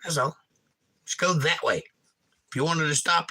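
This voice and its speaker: A man's voice: a little high, moderate pace, bright, forceful tone, husky. A middle-aged man hosting a casual livestream, reading viewer comments aloud and joking about them. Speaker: livestream host reading chat.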